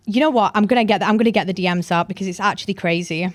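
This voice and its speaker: A young woman hosting a podcast, telling a story in a chatty, animated way with lots of "like" fillers. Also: mid-range voice, fast talker, hardly any pauses, no echo. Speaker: podcast host. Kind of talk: casual storytelling chat.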